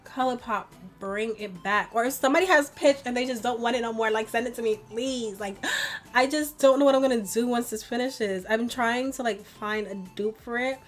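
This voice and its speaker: A woman's voice: on the high side, brisk, hardly any pauses, soft background music. A young woman chatting through a makeup tutorial, rambling and peppered with "like", laughing at herself as she goes. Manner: rambling, chatty, heavy use of "like". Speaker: beauty vlogger. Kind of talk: get-ready-with-me makeup tutorial chat.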